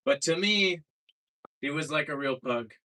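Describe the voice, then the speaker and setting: A young man from Seattle doing a deadpan stand-up set with many halting fillers, in a small comedy club. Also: fairly high pitch. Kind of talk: stand-up set at an open mic.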